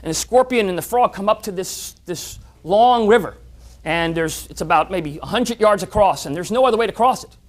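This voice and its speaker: A speaker giving a motivational talk at a club meeting, animated, telling stories and often repeating words on restarts. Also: medium pitch, normal speed.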